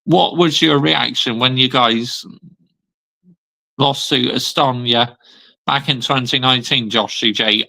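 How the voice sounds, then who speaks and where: Brief: male vlogger, bright gravelly voice, slow and lively, blunt emphatic rant. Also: medium pitch, low-quality recording. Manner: blunt, emphatic, repeats "yeah?" and "mate". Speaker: football channel host. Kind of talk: ranting fan vlog.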